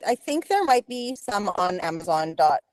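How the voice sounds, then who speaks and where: A woman's voice: medium pitch, very animated, normal speed, darkish tone, no echo, studio quality. A woman guest on a podcast, a business owner talking plainly in casual chat.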